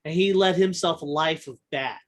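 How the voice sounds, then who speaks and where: A man with a slightly high voice hosts a podcast, telling a long story in casual chat at a normal speed. He rambles with many restarts and fillers, and he's blunt and profane.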